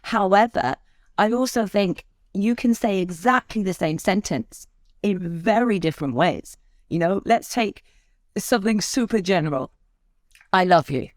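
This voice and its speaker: Expressive woman, speaker trainer. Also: mid-range voice, measured pace, dry recording, clean studio sound. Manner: expressive, shifts her tone to make a point. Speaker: speaker trainer and podcast guest. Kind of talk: conversational interview.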